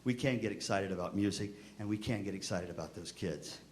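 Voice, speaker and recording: A man's voice: fairly quick, slight background noise. An older man giving a humorous storytelling talk to band directors, acting out the people in his stories with big jumps in his voice. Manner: lively anecdotal delivery, acting out quoted voices with pitch jumps. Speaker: band music clinician speaking to band directors.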